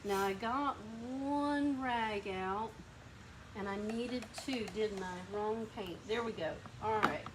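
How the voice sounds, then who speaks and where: A woman's voice: medium pitch, takes it slowly, background noise. A woman with a lazy Southern drawl hosting a painting demo in a workshop, chatting and coaching a helper as she works. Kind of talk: hands-on demonstration.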